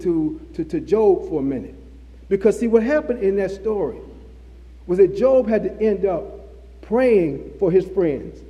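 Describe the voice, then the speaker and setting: A man delivers a sermon in a high but mellow voice, hammering his points through repetition. His words ring out with a long hall reverb around them. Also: lo-fi sound. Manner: repetitive, emphatic preaching with restarts. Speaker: preacher.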